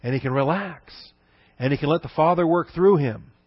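A man's voice: fairly high pitch, brisk, breathy edge, no echo, lo-fi sound. Man teaching a sermon. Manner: conversational, many fillers and restarts, rhetorical questions. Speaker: pastor.

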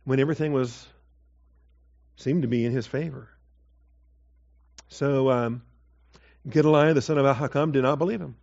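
Male Bible teacher, casual verse-by-verse sermon style, medium pitch, a little muffled. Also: normal speed, vocal fry, pauses often, a little mellow. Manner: conversational, with asides and acted quotes.

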